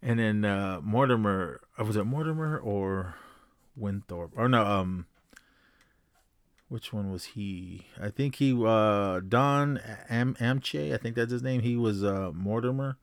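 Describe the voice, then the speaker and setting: A man's voice: lowish voice, measured pace, clean tone, no echo. A man hosting a podcast, casually retelling a movie in a rambling way full of fillers and restarts. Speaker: podcast host.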